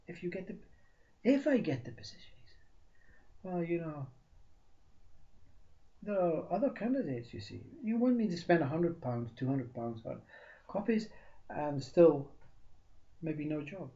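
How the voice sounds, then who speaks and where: A man tells a story with a mellow, fairly high voice, playing out the dialogue between its people. He swings from loud bursts to near whispers. The recording sounds dull and lo-fi. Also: big pitch swings, measured pace, pauses often. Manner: acts out both sides of a dialogue, shifting loudness, drops to whispers. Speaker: spiritual teacher. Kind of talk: storytelling talk.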